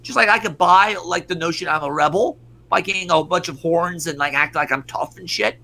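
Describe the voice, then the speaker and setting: Riled up over the news like a stream co-host, a man rants in profane, casual commentary, stumbling and restarting as he goes. His voice is fairly high and gravelly, with a bright, edgy tone, and he speaks a little fast over slight background noise.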